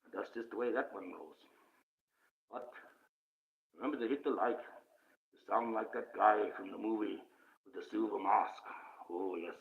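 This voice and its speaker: Aussie guy doing a fake ominous voice, kinda low, rambling on about spirit stuff, sounds like a tinny phone line. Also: creaky. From Australia. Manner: puts on an ominous put-on voice rather than his real one; slow, rambling spiritual musings. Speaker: live streamer. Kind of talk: casual spiritual monologue on a livestream. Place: indoors, speaking under a mask by candlelight.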